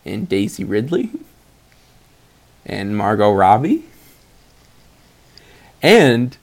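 A man's voice: on the low side, big pitch swings, extremely slow, creaky, long pauses, a little mellow. A man co-hosting a casual movie chat, sarcastic and giggly, often laughing mid-sentence. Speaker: podcast co-host reviewing movies.

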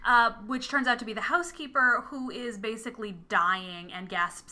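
Woman podcast co-host, bright and clear tone, lively plot recap with put-on quotes. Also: on the high side, normal speed. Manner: animated, acts out characters' lines while retelling. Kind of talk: casual film recap chat. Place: home with a cat nearby.

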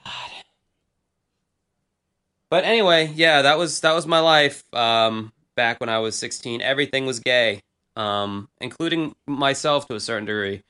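Bright, crisp-voiced man rambling casually. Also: medium pitch, normal speed. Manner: loose, rambling, crude, self-mocking. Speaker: podcast host reading old diary posts. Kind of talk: casual chat.

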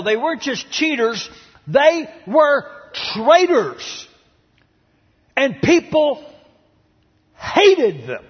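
A man preaching a sermon in a dramatic style, with big swings in pitch and loudness, recorded in a large church auditorium. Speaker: pastor. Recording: dull sound in a large reverberant hall.

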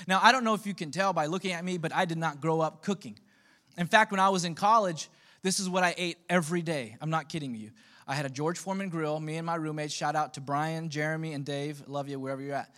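Quick and on the high side, a man in his thirties preaches a laid-back sermon as pastor. He keeps the congregation laughing with frequent joking remarks.

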